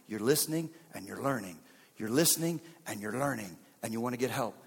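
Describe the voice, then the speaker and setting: A man preaching a sermon with dramatic delivery. He acts out the lines of biblical figures, swinging sharply between loud and soft. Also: expressive, a little fast, vocal fry, breathy edge, in a large hall. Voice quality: dramatic, voicing biblical figures with wide swings in pitch and loudness. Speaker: pastor.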